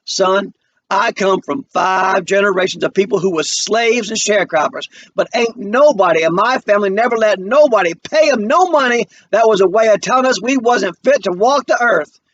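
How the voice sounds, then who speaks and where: A man's voice: sits high, a bit bright, muffled recording, slight background noise, voice pushed up. A man doing a stern, grave old mother. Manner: slow, weighty, scolding. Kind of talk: dramatic play reading.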